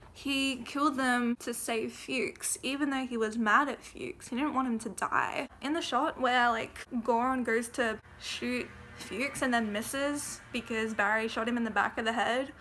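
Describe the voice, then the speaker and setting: A woman walks through a TV series in a loose, chatty vlog, dotting her talk with "like" and the odd swear. Her voice sits a bit high and has a bright, crisp edge. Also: fairly even intonation, a little slow, a little hiss or hum. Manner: chatty, frequent "like" fillers and casual swearing. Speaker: video essayist. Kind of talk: casual recap of a TV series.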